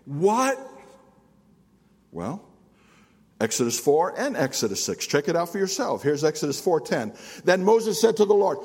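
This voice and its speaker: An older man, a pastor preaching an animated sermon, swinging from loud to hushed and calling on the congregation to answer. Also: high voice, moderate pace, slightly rough. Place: church sanctuary. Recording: long hall reverb.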